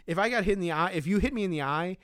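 A man's voice: sits high, very fast, dry recording, clean studio sound. A man co-hosting a casual podcast, recapping a movie scene by scene, laughing often and acting out the characters' lines. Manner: animated, laughs often, acts out quotes. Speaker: podcast co-host.

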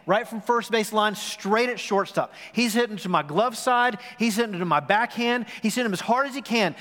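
Man in his forties, pastor, sermon, high voice, long hall reverb. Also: a bit bright. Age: 40s. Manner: storytelling, asks the congregation questions. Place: church sanctuary.

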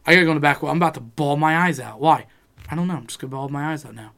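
A man's voice: a little high, racing, creaky, fairly bright tone, slight background noise. A man in casual chat, telling a rambling personal story, swearing freely and acting out what people said.

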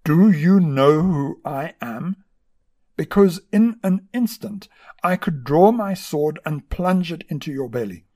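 A man voicing an arrogant, furious army general in a told story, barking his threats slowly and forcefully. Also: on the high side, lively intonation.

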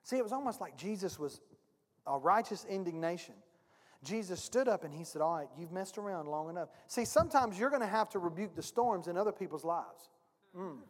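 A man's voice: high voice, expressive, a little fast, husky. A male pastor preaching a sermon, emphatic and speaking directly to his congregation. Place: church sanctuary. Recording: long reverb of a church hall.

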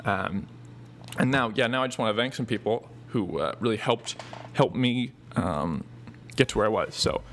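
Gravelly low-voiced young man. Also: normal speed, a bit bright, slight background noise. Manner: rambling, many fillers and restarts. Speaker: podcast host. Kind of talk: casual thank-you monologue.

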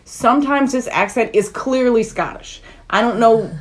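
A woman's voice: on the high side, normal speed. A woman hosting a casual movie review podcast, talking frankly, swearing now and then and laughing often. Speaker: podcast host.

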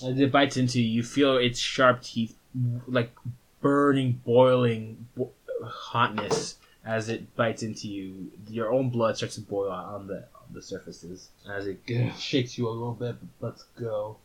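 A man leads a tabletop game as game master, describing the action in a loose, casual way. He talks at a middle pitch, stops to restart his sentences and tosses in fillers as he goes. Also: steady tone, unhurried.

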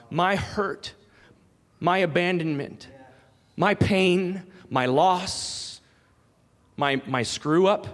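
A man's voice: fairly high pitch, in a large hall. A man in his thirties preaching a sermon, earnest and emphatic, repeating his key phrases. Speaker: pastor.

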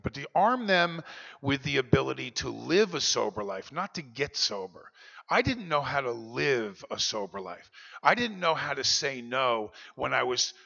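Brief: confessional keynote speaker, man, bright edgy voice, reverberant hall. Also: mid-range voice, vocal fry. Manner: earnest, confessional storyteller. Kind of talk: personal recovery talk. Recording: dull lo-fi recording, long hall reverb.

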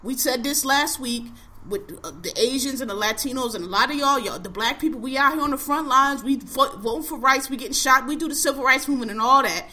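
A woman with a high, bright, sharp-edged voice, ranting in a casual podcast talk. She talks heatedly and profanely, punching her points with strong emphasis. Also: fast talker.

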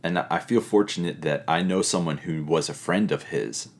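A middle-aged man speaks in a very low, deep voice, teaching an audience about faith. He talks earnestly and reflectively, pausing often and searching for words as he goes. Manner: earnest, reflective, with pauses and fillers. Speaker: pastor or teacher giving a talk.

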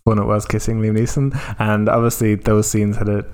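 A man's voice: lowish voice, flat delivery, darkish tone, clear, resonant tone. A man co-hosting a podcast, chatting casually about films in a gossipy, joking way. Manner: chatty, gossipy, quick to joke. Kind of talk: casual film chat.

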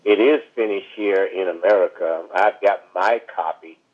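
A man tells a winding story as a podcast guest, full of asides and fillers. His voice sits a little low, and it comes through a thin, tinny phone line. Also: moderate pace. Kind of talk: storytelling interview over the phone.

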